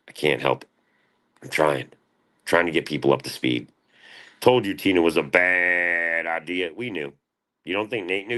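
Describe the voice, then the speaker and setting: A man in his thirties with an extremely deep, low voice, talking casually to his livestream audience. He rambles from topic to topic and swears often, in a crude, loose way. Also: a bit bright.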